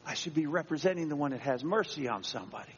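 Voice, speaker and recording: Pastor preaching with dramatic voices, slightly breathy, echoing church hall. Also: male voice, a little high, expressive, fast talker. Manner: dramatic, acting out voices from scripture. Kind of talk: sermon. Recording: dull echoey church sound.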